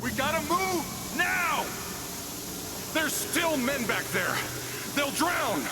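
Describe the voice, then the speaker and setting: Gruff miner, profane and urgent, wide-swinging slow delivery. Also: male voice, very high-pitched, sing-song, heavy background noise, full character voice. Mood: panicked. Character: gruff male miner, foreman, desperate.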